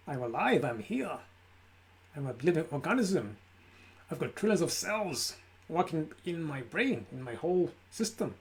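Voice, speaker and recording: A man's voice: a little high, very animated, moderate pace. A man speaking live from his room, giving an emphatic motivational talk on mindfulness in repeated lists. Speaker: self-help speaker. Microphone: camera.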